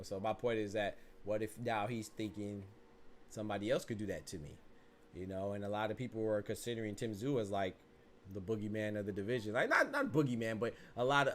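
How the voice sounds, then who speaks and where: There's slight background noise as a podcast host with a lowish voice rambles through casual, lively commentary. He keeps coming back around to "you know what I'm saying."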